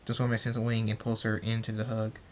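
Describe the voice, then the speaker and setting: A man's voice: lowish voice, monotone, fast talker. A man reading a fan story aloud, often stumbling and repeating words.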